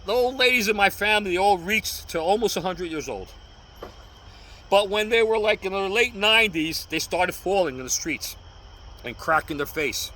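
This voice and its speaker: A man's voice: high voice, pushed and bright, slight background noise, rough recording. A man in his sixties from New York, vlogging outdoors about cane self-defense in an earnest, repetitive, pleading way. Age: 60s. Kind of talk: casual outdoor vlog.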